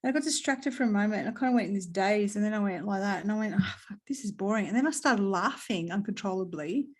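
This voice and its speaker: As a guest in a casual chat, an Australian woman with a mid-range voice talks fast, telling an animated story, acting out what people said and swearing freely.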